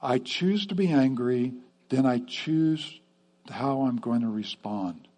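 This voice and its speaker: A man's voice: mid-range voice, expressive, slow pace, dark tone. A man preaching a sermon to his church in a conversational way, often checking in with the congregation with "okay?". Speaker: pastor.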